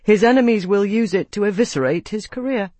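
A man voicing a composed young male knight commander with a measured, precise, dry manner. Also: high-pitched, darkish tone, dry recording, voice pushed up.

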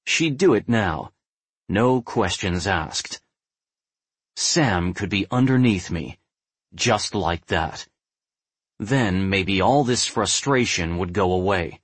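A young adult man narrating a first-person novel in a measured, brooding way. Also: low-pitched, expressive, breathy edge, no room sound. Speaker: audiobook narrator.

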